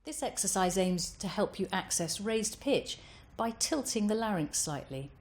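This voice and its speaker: A woman voice coach giving calm, careful instructions over vocal exercises. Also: medium pitch, measured pace, soft background music.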